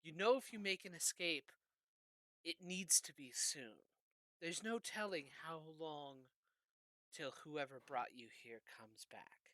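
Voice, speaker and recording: A game master narrating a tabletop game with halting delivery and many fillers. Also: mid-range voice, expressive, pushed and bright, no echo.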